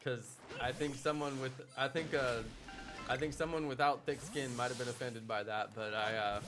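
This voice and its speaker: A man's voice: medium pitch, steady tone, normal speed. A young man live streaming, chatting casually with his audience in a playful, teasing way. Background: background music.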